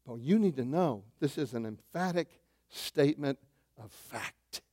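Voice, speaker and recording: A man preaching a sermon as pastor, animated, swinging between loud bursts and hushed asides, calling his listeners saints. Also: medium pitch, unhurried. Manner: addresses listeners as saints, asks questions.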